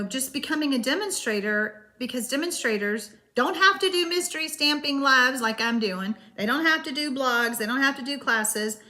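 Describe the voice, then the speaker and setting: A woman's voice: high voice, pushed and bright. A woman hosting a live-streamed card-making class, chatting loosely with viewers and answering their comments, with frequent hesitations.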